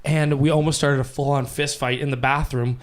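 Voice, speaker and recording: A young man telling rambling, animated stories on a casual podcast mic. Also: mid-range voice, a little fast. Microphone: podcast microphone.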